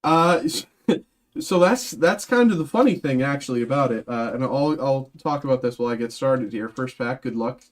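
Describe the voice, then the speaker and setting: A man's voice: medium pitch, lively intonation, normal speed. Rambling young man opening card packs. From Massachusetts, outside Boston. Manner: rambling, many fillers and restarts. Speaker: card break host. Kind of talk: casual live-stream chat while opening packs.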